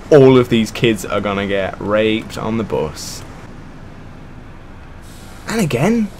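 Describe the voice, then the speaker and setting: A young man with a medium-pitched voice gives game commentary full of sarcasm, swearing and laughter, ranting in bursts. The recording carries slight background noise.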